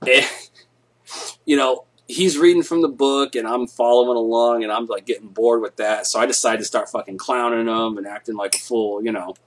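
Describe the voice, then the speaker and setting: A young man hosting a live stream, telling stories casually, laid-back, swearing a lot and getting loud when he acts things out. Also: medium pitch, fairly even intonation, normal speed, slight background noise.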